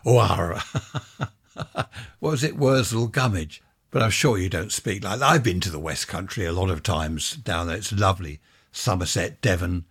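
Older English man, host, low and husky, meandering chat with chuckles. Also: normal speed, a bit bright. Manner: chatty, wandering, with chuckling asides. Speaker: podcast host. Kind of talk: rambling casual monologue.

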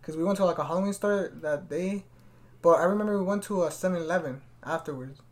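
Talking fast in a high-pitched voice, a man hosts a casual podcast of chat and storytelling. He's relaxed and slangy, with "fool" coming up again and again.

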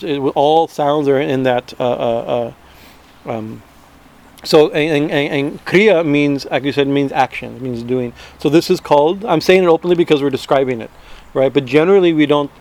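This man's voice is a little high and a little mellow, moving at normal speed as he offers a casual spiritual teaching, slightly raised in volume. He keeps starting sentences over and often caps them with "right?"

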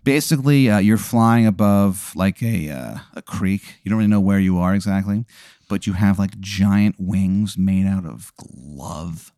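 A man's voice: deep voice, unhurried, mellow, dry recording, studio quality. A man hosting a podcast, improvising a rambling, profane comedy story with lots of restarts. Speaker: podcast host.

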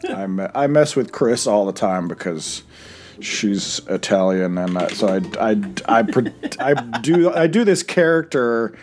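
Man, podcast co-host, from West Virginia, animated pitch, rambling jokey talk. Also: unhurried. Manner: rambling, jokey, self-deprecating. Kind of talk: casual chat.

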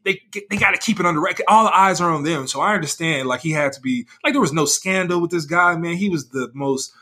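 A man in casual podcast chat, rambling and animated, peppering his talk with "like" and "bro". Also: a little high, quick pace.

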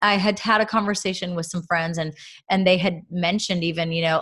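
A woman's voice: fairly low pitch, steady tone, a little fast, fairly bright tone. Woman, thirties, podcast co-host, earnest reflective faith chat, lots of fillers. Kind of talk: casual faith-based podcast talk.

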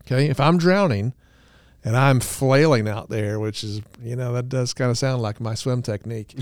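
Smooth-voiced man explaining therapy calmly. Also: mid-range voice, moderate pace, no echo, clean studio sound. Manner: earnest, explanatory, self-deprecating humor. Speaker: podcast co-host, couples therapist. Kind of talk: casual podcast talk.

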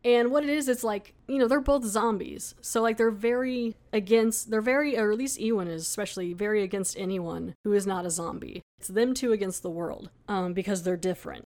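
A woman's voice: mid-range voice, fairly quick, few pauses, a little mellow. A woman hosting a podcast, recapping an episode in a chatty, casual way full of fillers. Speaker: podcast host.

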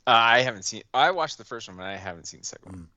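Lively, bright-voiced male podcast guest. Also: lowish voice, fast, dry recording, dull audio. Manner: laughs easily, animated. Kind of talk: casual podcast chat.

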